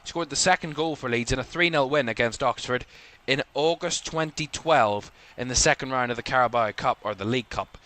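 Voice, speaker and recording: A man's voice: medium pitch, a little fast, hardly any pauses, sharp tone. A man with a Northern Irish accent from Belfast, hosting live watchalong commentary in a rambling way, full of fillers. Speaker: host.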